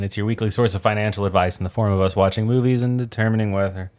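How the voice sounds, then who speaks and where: A man co-hosting a podcast in casual chat, tired and joking with deadpan banter. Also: fairly low pitch, quick pace. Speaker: podcast co-host.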